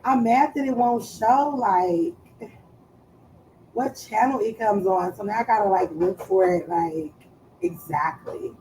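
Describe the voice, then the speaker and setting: A woman chatting casually on a live stream, loud and playful, swearing freely and trailing off as she searches for words. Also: mid-range voice, measured pace, slight background noise, poor audio.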